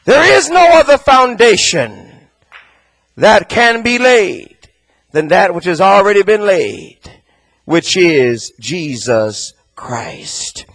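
A man preaching a sermon as pastor, rising from quiet speech to a shouted, sing-song cadence. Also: sits high, very animated, unhurried, rough recording.

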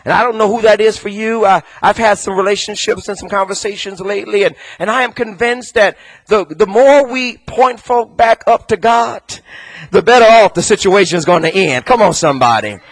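A man preaching a sermon as pastor, rising from quiet speech to a shouted, sing-song cadence. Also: high-pitched, brisk, low-quality recording.

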